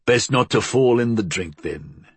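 A man voicing a rough, bearded male thief who talks gruffly. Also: medium pitch, lively intonation, a little slow, dry recording.

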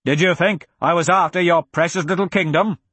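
A man's voice: high voice, fairly even intonation, brisk, a bit bright, dry recording, voice pushed up. A man voicing a bellowing, raging villain archduke. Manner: bellowing, furious and contemptuous. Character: raging, hateful middle-aged archduke villain.

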